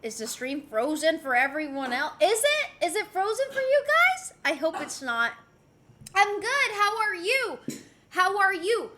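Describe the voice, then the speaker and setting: A woman's voice: very high-pitched, lively intonation, a little slow, bright, forceful tone. A woman live streamer at home, chatting casually, reading chat messages aloud and cooing at her pet. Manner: coos and teases her pet between comments.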